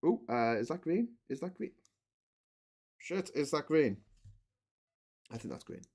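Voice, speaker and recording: A man's voice: on the high side, very animated, measured pace, darkish tone, breathy edge. A man, chatting casually and joking as he assembles a model, often correcting himself. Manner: chatty, rambling, self-correcting, jokey. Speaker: host building a model while talking. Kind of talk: casual live chat.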